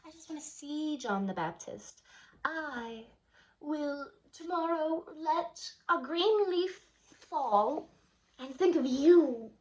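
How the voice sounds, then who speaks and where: A woman's voice: high voice, expressive, takes it slowly, a little mellow, voice pushed up. Woman putting on Salome, a gushing obsessed princess. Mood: coaxing. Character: infatuated young princess, Salome. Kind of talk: casual retelling of a play. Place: hotel room.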